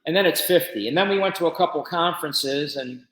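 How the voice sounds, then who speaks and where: A man guest on a podcast, telling a business story in an animated, casual way. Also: fairly high pitch, brisk, echoey room, low-quality recording. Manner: animated storyteller with shifting loudness.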